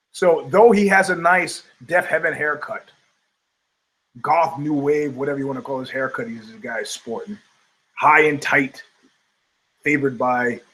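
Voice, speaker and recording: The speaker, an older man hosting a talk show, has a mid-range, slightly rough voice. In his role as podcast host he rants in a profane, casual way, telling animated stories and acting out what other people said.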